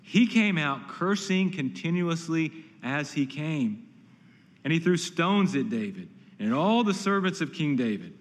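A man's voice: a little high, very animated, a little slow, in a large hall. A pastor preaching an earnest, emphatic sermon, often repeating words as he builds a point.

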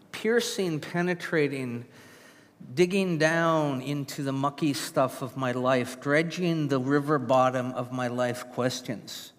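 A man preaching a sermon in a conversational way, often chuckling between his points. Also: fairly high pitch. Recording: reverberant hall.

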